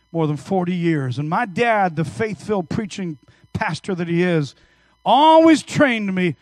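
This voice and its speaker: A man in his fifties preaching a sermon in church, telling stories energetically and swinging between hushed and loud. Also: high-pitched, no room sound. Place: church service.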